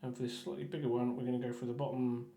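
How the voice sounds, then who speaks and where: A man chatting casually while painting miniatures on a stream, rambling with stumbling restarts and often trailing off quietly. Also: mid-range voice, little pitch movement, racing, reverberant. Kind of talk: casual painting livestream chat.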